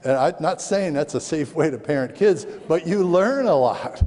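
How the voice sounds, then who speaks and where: A middle-aged man from Southwest Philadelphia, a speaker on parenting, telling lively stories to an audience and acting out voices in quotes. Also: a little high, normal speed. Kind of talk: storytelling talk to an audience. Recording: long hall reverb.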